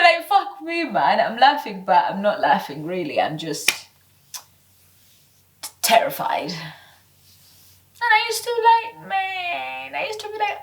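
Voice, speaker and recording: A woman in her twenties ranting casually to camera, heated and profane, swinging between loud outbursts and low mutters. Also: recorded from a distance. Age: 20s. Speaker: vlogger.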